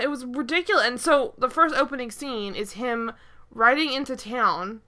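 Young female co-host, bright, animated, casual recap chat with frequent laughter. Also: on the high side, normal speed. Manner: animated, laughing, exasperated, many fillers. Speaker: podcast co-host.

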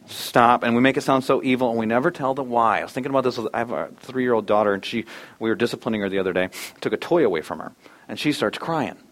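A man in his thirties preaching to a church congregation. He is earnest, sinks to quiet, low lines, then lifts into loud, animated emphasis. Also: rapid-fire. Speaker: pastor. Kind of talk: sermon.

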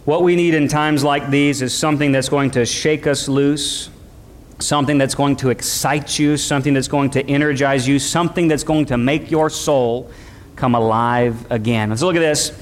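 A man's voice: mid-range voice, fairly even intonation, normal speed. A man preaching a sermon as pastor, acting out the voices of the people he describes and calling for responses from the congregation. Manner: preaching, acts out quoted voices, calls for audience response.

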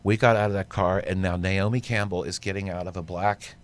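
A man co-hosting a podcast, telling a lively story in casual chat. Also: sits low, a little fast, slight background noise. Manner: animated storyteller, acts out quoted dialogue. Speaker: podcast co-host.

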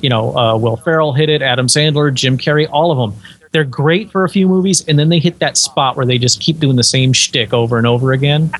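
A man's voice: fairly high pitch, husky. A man co-hosting a casual movie podcast, speaking candidly and swearing casually. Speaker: podcast co-host. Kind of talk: casual chat.

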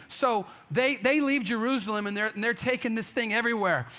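A pastor delivering a sermon with a high, bright voice. He tells the story casually and with energy, often slipping into quick put-on voices for the people he quotes. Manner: conversational, acts out quoted voices.

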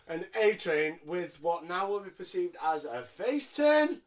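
A podcast co-host recaps wrestling in casual chat, sarcastic, jokey and swearing. His voice sits high and is animated, at a moderate pace with hardly any pauses.

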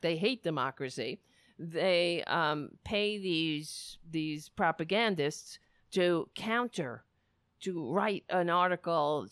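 A woman's voice: medium pitch, fairly bright tone, smooth, no room sound, studio quality. A woman giving impassioned political commentary in an indignant, ranting manner, restarting her sentences and reading news excerpts aloud between her remarks.

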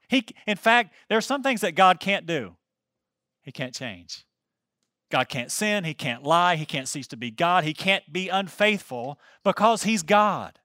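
A man's voice: on the high side, expressive, a little slow, pushed and bright, no echo, clean studio sound. A man preaching a sermon, reading scripture aloud and breaking in with emphatic comments to his listeners. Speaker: pastor.

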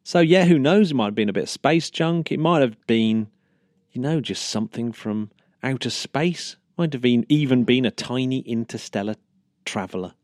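A man co-hosting a casual news podcast, talking in a chatty, easy way with frequent laughs and restarts. His voice sits at an average pitch for a man. It is recorded close and dry, with no room sound. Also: normal speed, a little mellow, dry recording. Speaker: podcast co-host.

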